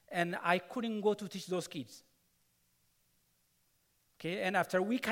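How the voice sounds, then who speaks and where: A man's voice: on the high side, a bit bright. A man preaching a sermon, telling a personal story earnestly, repeating words and adding asides. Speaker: pastor. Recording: long hall reverb.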